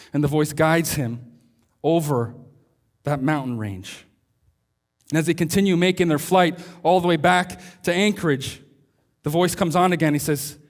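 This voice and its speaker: A male pastor preaching a sermon, telling a story and slowing down to stress his key lines. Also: high voice.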